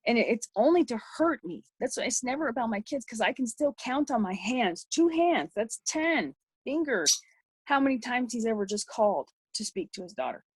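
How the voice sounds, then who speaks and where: Husky-voiced woman telling her story. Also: on the high side, big pitch swings, normal speed, no echo. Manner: rambling, with many restarts. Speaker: podcast guest. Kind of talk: personal story in an interview.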